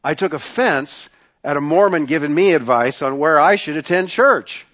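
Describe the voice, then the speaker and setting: A male pastor preaching a sermon, emphatic, repeating phrases and slowing down to stress points. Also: fairly high pitch, a bit bright.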